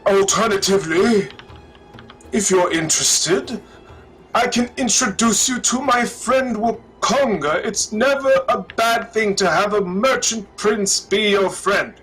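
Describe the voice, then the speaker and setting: A man voicing an excitable, rambling older male guide who talks fast and fussily, trailing off mid-thought. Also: high-pitched, soft background music, rough recording. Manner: fast-talking, fussy, trails off.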